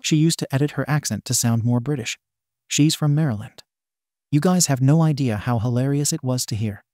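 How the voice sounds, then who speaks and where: A man's voice: mid-range voice, fairly quick, darkish tone, dry recording, clean studio sound. A man narrating a forum story aloud, reading abbreviations letter by letter.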